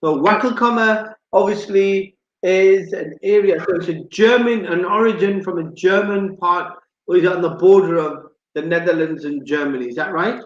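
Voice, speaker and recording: A man's voice: sits high, normal speed, hardly any pauses, roomy sound, muffled recording. A man hosting a live chat show, chatty and teasing, who says "excellent" a lot. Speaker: host. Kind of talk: live radio-style chat.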